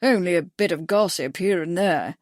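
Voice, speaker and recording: A woman's voice: fairly low pitch, normal speed, darkish tone, no echo, studio quality, close to an everyday voice. A woman reading voices a courteous, genial older naval admiral. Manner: genial, polished.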